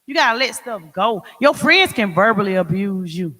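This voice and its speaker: Woman preaching self-love to a crowd, bright lively voice, lots of huh? and okay?. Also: mid-range voice, normal speed. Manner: emphatic, preacherly, call-and-response asides. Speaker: speaker. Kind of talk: motivational talk to an audience. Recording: echoey hall.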